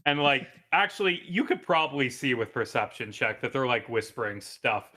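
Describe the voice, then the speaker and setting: A man's voice: mid-range voice, normal speed, pushed and bright. A man running a tabletop game as dungeon master, rambling with lots of fillers and casual swearing.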